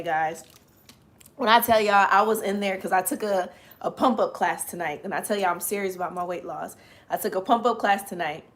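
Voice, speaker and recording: A woman hosting a casual livestream, greeting viewers by name and chatting, her voice slightly raspy and strained today. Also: mid-range voice, fairly bright tone. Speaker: livestream host.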